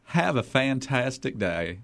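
Male host for casual political talk, lively intonation, frequent laughter. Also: medium pitch, takes it slowly, creaky. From northern Michigan. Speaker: radio podcast host.

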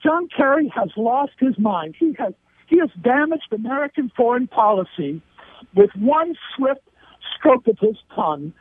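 High-voiced indignant man on a phone line. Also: sing-song, unhurried, husky, no echo. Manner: indignant, emphatic, hammering repetition. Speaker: guest commentator. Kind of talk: phone-in interview commentary. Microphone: telephone line. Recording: tinny dry phone line.

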